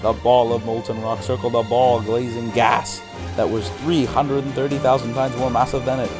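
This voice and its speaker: A man's voice: mid-range voice, little pitch movement, normal speed. A man hosting a game session, reading the game's text aloud and often stumbling and giggling over the words. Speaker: channel host. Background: game music.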